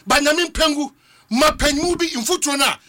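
A man's voice: very high voice, fairly quick, bright, forceful tone. A man with a Ghanaian accent giving impassioned political commentary on a talk show, repeating phrases for emphasis.

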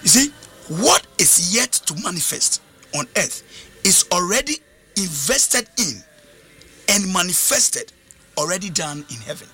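A man's voice: high voice, big pitch swings, measured pace, long pauses, pushed and bright, husky. A man with a Ghanaian accent preaching a sermon, mixing English with Twi in call-and-response style.

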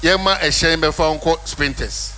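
A Ghanaian man hosts a radio talk show from the studio. His voice sits high and bright. He talks in an animated, playful way and slips freely between languages. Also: measured pace, a little hiss or hum. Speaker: radio host.

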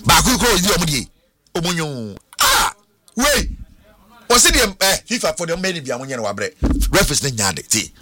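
A Ghanaian man presenting sports on radio, excitable, switching between languages and slipping into sing-song phrases. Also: a little high, a little fast, no room sound. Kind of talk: sports radio talk mixing Twi and English.

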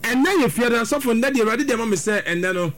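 A man's voice: extremely high pitch, animated, quick pace, fairly bright tone, soft background music. Man preaching with call and response. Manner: preaching with responses, repeats phrases. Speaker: pastor.

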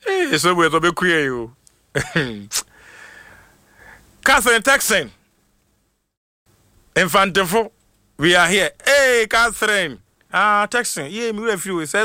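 A man with a Ghanaian accent hosting a radio show, reading out shout-outs in a playful, excitable way. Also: high-pitched, slow pace, pauses often, no echo, clean studio sound. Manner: excitable, playful, jokes and laughs between names. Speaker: radio host.

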